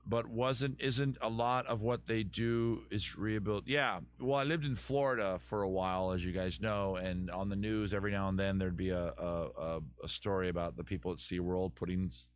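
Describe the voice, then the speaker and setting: A middle-aged man with a low voice hosts a casual live stream, answering viewer comments. He rambles, often restarting his sentences, and swears casually.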